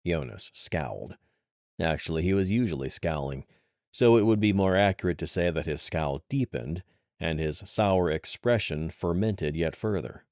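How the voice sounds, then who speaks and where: A man narrating an adventure thriller audiobook in a steady storytelling manner. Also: deep voice, moderate pace, no room sound, studio quality. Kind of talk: scripted narration.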